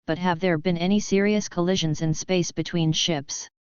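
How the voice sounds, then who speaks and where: A woman's voice: on the low side, fairly even intonation, moderate pace, a little mellow, clear, resonant tone, no echo, dull audio, lightly acted. Woman voicing an eager young space cadet. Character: earnest young male space cadet pilot.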